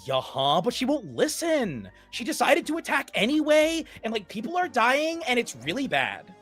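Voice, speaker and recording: A man's voice: extremely high pitch, huge pitch swings, normal speed, a bit bright, breathy edge, faint music behind, pitched above the performer's own voice, exaggerated voice. A man voicing a young boy who whines and pleads as he tattles to his mother. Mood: whiny. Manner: whining, pleading.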